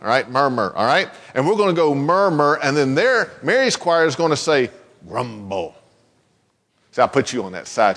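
A man's voice: medium pitch, sing-song, normal speed, fairly bright tone, in a large hall. A man giving a children's sermon in a church, playful and teasing as he coaxes the kids with questions. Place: church sanctuary.

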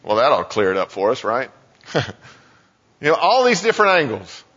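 A man preaching a sermon in a casual, conversational way, full of "you know" asides and quick voiced quotes. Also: medium pitch, huge pitch swings, a bit bright, husky. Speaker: pastor. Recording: muffled sound with long hall reverb.

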